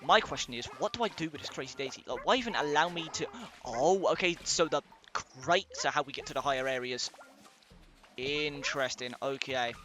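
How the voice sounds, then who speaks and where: A man's voice: mid-range voice, moderate pace, pushed and bright, soft background music. A man giving casual let's-play commentary, rambling and thinking aloud with many fillers. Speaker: let's player.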